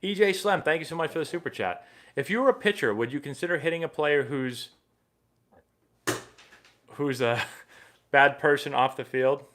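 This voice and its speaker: A man in his thirties hosting a casual live stream, reading viewer questions aloud and answering in a relaxed, chatty way. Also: on the high side, normal speed, long pauses. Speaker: livestream host and former pro baseball player.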